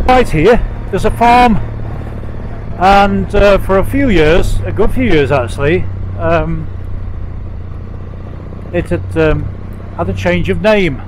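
A middle-aged Englishman from England, a motorcycle vlogger, tells rambling stories while riding a motorcycle sidecar along country roads, full of fillers and restarts. His voice sits high and he speaks slowly with long pauses. The low-quality recording carries road and engine noise in the background.

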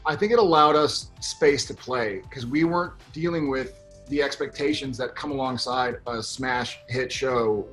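Man in his thirties, middle pitch, earnest, heartfelt, soft music behind. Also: normal speed. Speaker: actor, series lead. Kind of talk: reflective interview.

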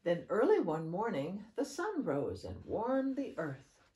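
A woman reading picture books aloud to children in a sing-song storytelling manner, jumping high for the characters' lines. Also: wildly swooping pitch, slow pace, mellow. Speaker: children's program facilitator.

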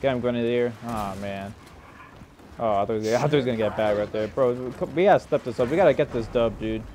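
A young man giving live commentary over his own gameplay, grumbling, swearing at teammates and putting himself down, with mumbled asides that break into sudden shouts. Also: mid-range voice, quick pace, slight background noise. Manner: frustrated, self-deprecating, swears and mutters at teammates. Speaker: gaming YouTuber.

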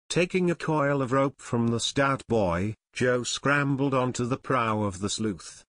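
A man narrating an adventure audiobook in a steady, measured storytelling manner. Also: mid-range voice, no room sound, clean studio sound. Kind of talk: scripted narration.

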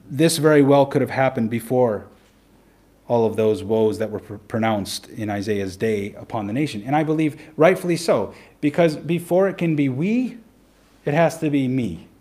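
A man, a pastor, preaching a sermon in an earnest way, slowing down to stress key points and putting rhetorical questions to the congregation. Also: on the high side, a little mellow.

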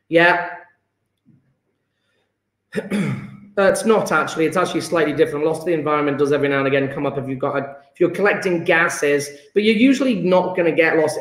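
A man's voice: on the high side, brisk, roomy sound. A male chemistry teacher, teaching an enthusiastic, emphatic online lesson and calling on his students by name.

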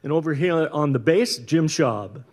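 A middle-aged man from Utah, a bandleader and guitarist, chatting casually between tunes at a concert in an easygoing, rambling way with many pauses and restarts. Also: a little high, lively intonation, darkish tone. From Utah, USA. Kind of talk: casual stage banter introducing a concert. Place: indoor concert stage.

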